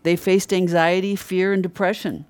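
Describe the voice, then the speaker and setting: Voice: medium pitch, flat delivery, moderate pace, smooth, no echo. A middle-aged preacher giving an earnest, conversational sermon and stressing key words by repeating them. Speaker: Christian preacher.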